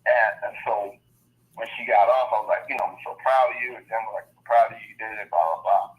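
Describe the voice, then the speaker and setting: A man's voice: lowish voice, fast. A man in his fifties casually telling a family story on a group call, acting out quotes with lots of fillers. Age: 50s. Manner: animated storyteller, acts out quotes, many fillers. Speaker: mastermind call participant. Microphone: phone. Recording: phone-line audio.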